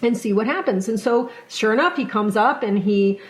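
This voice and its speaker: A middle-aged woman trainer telling stories in an animated, conversational way, now and then acting out the people she quotes. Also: on the high side, moderate pace, poor audio. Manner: animated, acts out quoted voices. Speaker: workplace culture trainer and guest. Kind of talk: conversational storytelling.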